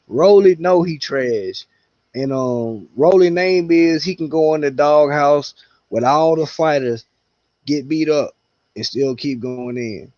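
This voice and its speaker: A man's voice: a little high, a little slow, a little mellow, no echo. Man, blunt and profane, casual boxing chat, dry close sound. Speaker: podcast co-host. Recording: dull dry lo-fi audio.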